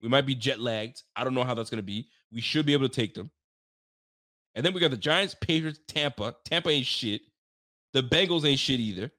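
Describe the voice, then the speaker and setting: A man's voice: mid-range voice, fairly quick, bright, forceful tone, no room sound, studio quality. A man from Canada who grew up speaking French and Creole, hosting a post-game show in a hyped, joking, trash-talking way. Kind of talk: casual sports talk stream.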